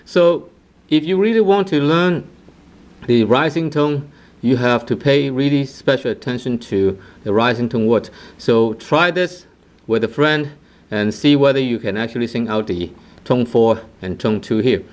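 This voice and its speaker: A man's voice: mid-range voice, expressive, unhurried. A man teaching a casual online language lesson, demonstrating tones with sung phrases and often checking in with "right?". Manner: sings short phrases and repeats syllables to demonstrate tones; frequent "right?" check-ins and restarts. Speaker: Cantonese teacher.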